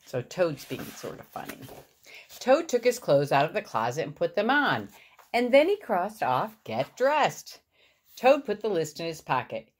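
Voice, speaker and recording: A woman reads a picture book aloud, slow and unhurried. Her voice rises and falls in a lively way as she points out the pictures. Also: lowish voice, slight background noise. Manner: warm, explaining the pictures. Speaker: parent reading to her boy. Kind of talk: storybook read-aloud.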